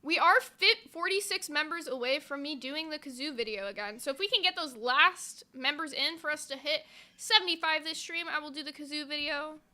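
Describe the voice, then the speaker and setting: A woman hosts a livestream in casual chat, blunt and bossy, with profanity sprinkled through her talk. Her voice sits high, and its tone is bright and sharp. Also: fairly quick. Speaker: livestream host.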